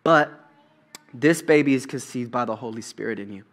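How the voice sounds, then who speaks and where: A preacher voicing a calm, reassuring male angel who speaks softly and soothingly. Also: normal speed, lightly acted. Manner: soft, soothing and lower.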